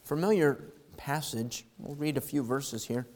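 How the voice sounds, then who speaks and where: A man preaches a sermon at an ordinary mid pitch, dropping low and quiet before rising into loud, impassioned calls. His voice rings with a long reverb, as in a large church hall. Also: measured pace. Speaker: pastor.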